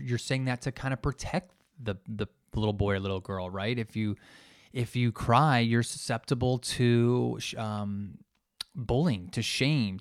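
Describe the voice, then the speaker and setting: A man's voice: mid-range voice, dry recording, clean studio sound. A man hosting a solo podcast, talking in an earnest, thoughtful way as he searches for his words. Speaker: podcast host and coach. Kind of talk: solo reflective podcast talk.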